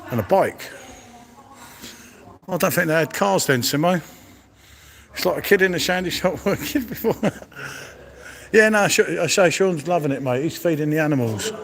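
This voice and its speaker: A man's voice: on the high side, animated, normal speed, gravelly, pauses often, a bit bright. Chatty man on a live walk-around. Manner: chatty, marvelling, addresses viewers in chat by name. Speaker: vlogger streaming live. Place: indoor museum with old exhibits. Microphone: handheld phone while walking.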